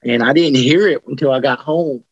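A man telling ghost stories in an interview, rambling and restarting his sentences, animated as he tells them. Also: medium pitch, normal speed, slightly rough, dry recording, dull audio. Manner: rambling, with many restarts and colloquial grammar. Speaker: interviewee, paranormal investigator. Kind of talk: casual storytelling interview.

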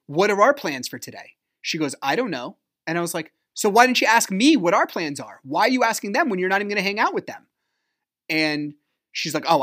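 A man's voice: mid-range voice, dry recording, studio quality. A man hosting a podcast, telling a personal story in a blunt, emphatic way, acting out past arguments with feeling. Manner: emphatic, animated retelling of arguments; blunt, swears freely. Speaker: podcast host.

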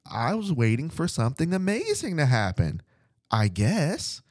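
A man voicing a small, shy boy who is waiting for something amazing, in a high and slow little-kid voice. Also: wildly swooping pitch, dry recording, studio quality, exaggerated voice. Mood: wistful.

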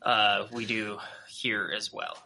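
A man with a Minnesotan accent, a podcast guest, chatting casually and haltingly with many restarts and fillers over a video call from his pine-walled home studio. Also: fairly low pitch, little pitch movement, pushed and bright. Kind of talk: casual chat.

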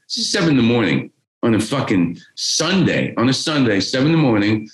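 A man's voice: medium pitch, expressive, moderate pace. A man, telling a rambling, profane story as a podcast guest. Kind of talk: casual storytelling. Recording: roomy echo.

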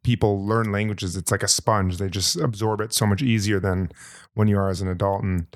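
A man's voice: lowish voice, steady tone, brisk, no room sound, clean studio sound. A man co-hosting a podcast, chatting in an enthusiastic, rambling way. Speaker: podcast co-host. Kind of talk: casual podcast chat.

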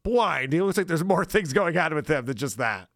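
A man's voice: on the high side, lively intonation, moderate pace, fairly bright tone, no echo, clean studio sound. A man hosting a podcast in casual chat, mocking and sarcastic, laughing often. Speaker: podcast host.

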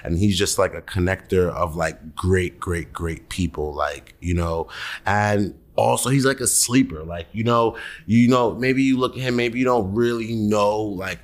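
A man's voice: lowish voice, measured pace. A man guest on a podcast, chatting casually and telling loose stories with lots of fillers. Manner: loose, filler-heavy storytelling. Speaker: podcast guest, music entrepreneur. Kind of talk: casual chat.

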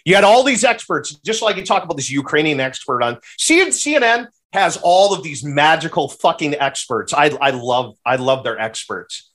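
A man on a casual podcast who talks with a profane, ranting edge. His voice sits a bit high for a man and swings widely in pitch as he argues. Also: moderate pace. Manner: animated, profane, rants with rising exclamations. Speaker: podcast guest.

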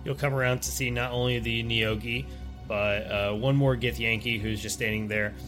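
Soft music plays behind a man serving as a tabletop game master, who describes scenes loosely and rambles with plenty of fillers. He has a medium pitch, fairly even intonation, a fairly bright tone, and a normal speaking speed.

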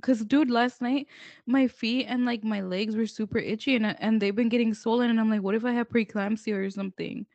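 A woman's voice: a little high, fairly even intonation, a little fast, gravelly, darkish tone, no echo, dull audio. A young woman co-hosting a casual podcast chat, laughing often as she tells stories about her kids. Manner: laughs a lot while telling stories. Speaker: podcast co-host.

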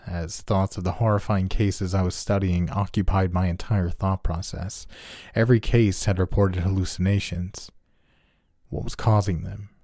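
A male horror narrator with a very low, dark, mellow voice, telling a first-person tale in a steady, measured way. The sound is close and dry, with no room echo.

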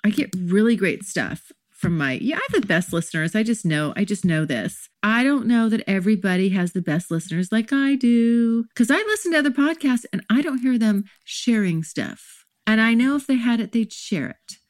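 A woman's voice: on the high side, expressive, normal speed, hardly any pauses, no room sound, studio quality. A woman hosting her own podcast, talking in a chatty, gushing way with lots of fillers. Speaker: podcast host. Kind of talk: casual solo podcast talk.

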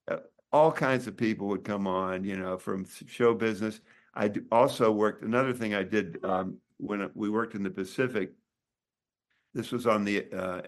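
A man over sixty talks in a low, easygoing voice, wandering through his anecdotes. He stops and restarts often, hunting for words. It is casual interview chat rather than a prepared speech. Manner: rambling, halting, many restarts. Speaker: author and doctor.

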